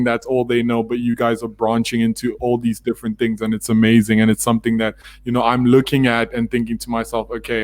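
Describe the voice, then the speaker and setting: A man's voice: mid-range voice, dry recording. Chatty man guesting on a podcast. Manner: chatty, many fillers and restarts. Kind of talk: casual chat.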